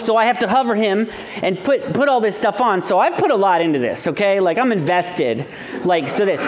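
A pastor with a notably high-pitched voice preaches in a loose, conversational way. He tells family stories with playful humor and mimics the people in them before turning to the scripture point. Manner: animated, jokey, acts out the people in his stories. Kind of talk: conversational sermon with storytelling.

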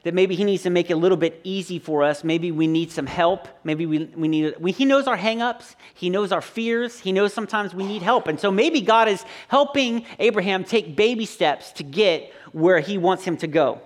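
Man, pastor, easygoing sermon, light humor, stumbles and restarts, higher voice. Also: normal speed, few pauses. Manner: casual, joking storyteller with frequent restarts. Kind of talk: conversational sermon.

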